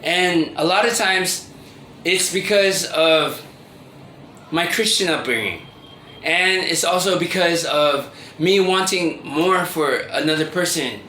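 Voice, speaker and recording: Bright-voiced man in his thirties, rambling. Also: a little high. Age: 30s. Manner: rambling, halting, with many restarts and fillers. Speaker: vlogger. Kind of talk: confessional monologue to camera. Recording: roomy echo with faint ambient noise.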